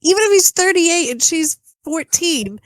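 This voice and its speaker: A woman's voice: extremely high pitch, a little slow, no room sound. A woman co-hosting a casual movie review podcast, telling stories with lots of swearing and squealing outbursts. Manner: expressive storyteller, swears, squeals in retelling. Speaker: podcast co-host.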